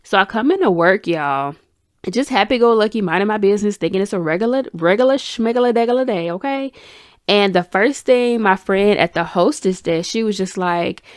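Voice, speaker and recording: A young woman hosting a podcast, telling a story in an animated, chatty way and calling her listeners y'all and honey. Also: medium pitch, a little fast, dry recording, clean studio sound. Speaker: podcast host. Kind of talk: casual storytime chat.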